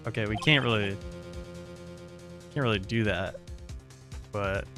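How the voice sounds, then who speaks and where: A man's voice: on the low side, normal speed, long pauses, music in the background. A man doing casual gameplay commentary, cracking jokes and sounding exasperated at the game. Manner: joking, exasperated asides. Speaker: gaming YouTuber.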